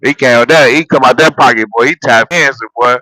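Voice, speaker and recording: A man on a loose, profane football rant, full of laughs and restarts. His voice is bright and forceful, and it sits dry and close with no room sound. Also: medium pitch, brisk, no echo, poor audio. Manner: animated, profane, laughs at his own jokes; repeats phrases and restarts while building a point. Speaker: sports vlogger and football fan. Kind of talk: casual sports rant.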